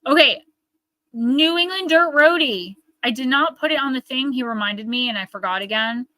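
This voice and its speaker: A woman's voice: sits high, normal speed, sharp tone, no echo. A woman with a Northern New Jersey accent, chatting and rambling to her viewers as she hosts a live oracle card reading.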